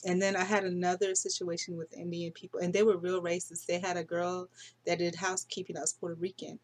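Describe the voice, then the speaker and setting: A woman's voice: lowish voice, little pitch movement, fast talker. A middle-aged woman talking casually through her dreams in a rambling, unsure way, full of fillers and self-corrections. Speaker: dream vlogger. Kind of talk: casual dream diary monologue.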